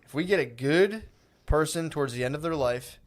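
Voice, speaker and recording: A man's voice: fairly high pitch, lively intonation, brisk. A man co-hosting a podcast in casual chat, rambling loosely, laughing often and calling his partner "dude". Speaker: podcast co-host.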